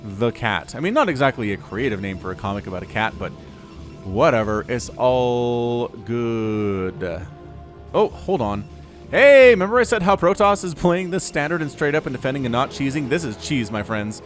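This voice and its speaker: Animated male game caster. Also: medium pitch, faint music behind. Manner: animated, quick bursts of excitement and asides. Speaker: StarCraft caster. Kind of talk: excited game commentary.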